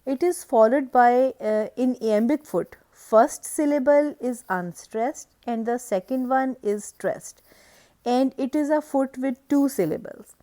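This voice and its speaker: A woman giving a recorded lecture, explaining step by step in a measured way with occasional hesitant fillers. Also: high-pitched, mellow.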